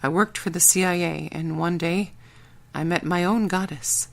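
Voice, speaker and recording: A burly former spy with a thick Swedish accent, earnest and a little halting, as a woman narrator puts him on. He speaks in a formal, measured way and sits lower than her usual voice in this audiobook reading. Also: steady tone, gravelly. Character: burly ex-spy Swedish man, devoted husband.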